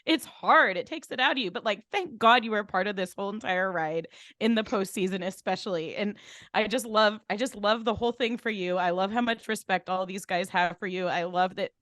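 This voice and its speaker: Woman, podcast co-host, gushing, rambling, medium pitch, dry sound. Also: fairly quick, a bit bright, dry recording. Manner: gushing, rambling with lots of fillers. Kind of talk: casual chat.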